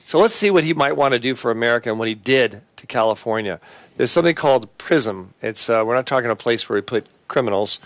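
A man hosting a Christian talk show, talking earnestly and haltingly, with many fillers and restarts. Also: medium pitch, a bit bright, dry recording. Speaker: host.

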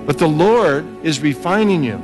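A man preaching an earnest, encouraging sermon with slow, steady emphasis. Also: a little high. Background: music.

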